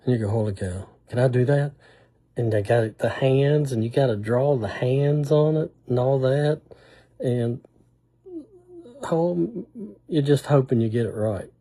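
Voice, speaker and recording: Rambling older man, husky and mellow. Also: medium pitch, unhurried. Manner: rambling, self-deprecating, folksy. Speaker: humor vlogger. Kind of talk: casual storytelling monologue.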